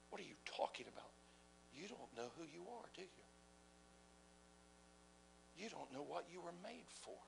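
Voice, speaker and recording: Male preacher, fiery sermon delivery, bright gravelly voice, leaps from shouts to whispers, faint hum underneath. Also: on the high side, big pitch swings, brisk, low-quality recording. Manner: passionate, swings from shouting to hushed whispers; asks the audience rhetorical questions.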